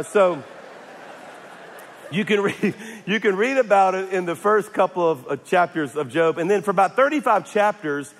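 Humorous preacher in an echoey hall. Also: male voice, high voice. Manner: humorous, repeats and restarts, calls for amens. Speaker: pastor. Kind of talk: sermon.

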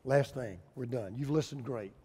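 A male pastor, preaching a sermon with folksy humor and lively storytelling. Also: medium pitch, normal speed, breathy edge, long reverb tail.

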